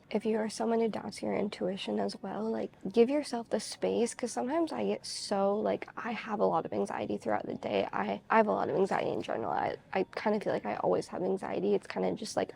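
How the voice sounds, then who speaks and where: Woman vlogger, deep vocal fry and a mellow tone, confessional and rambling, filler-heavy. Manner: candid, confessional storytelling. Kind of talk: casual chat to camera.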